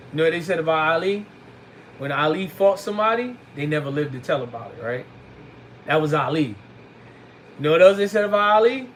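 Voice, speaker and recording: Guy with kinda high voice teaching kids religion class, super casual slangy talk, drops arabic phrases, faint ac hum. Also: fairly bright tone, poor audio. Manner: colloquial, slangy, addresses youths directly; recites Arabic phrases between English explanations. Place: classroom with young students.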